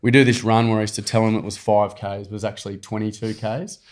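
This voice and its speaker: A man's voice: on the low side, fast. A man with an Australian accent, a program founder and podcast guest, telling stories bluntly and with plenty of slang in a casual chat. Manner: animated, blunt storyteller using slang.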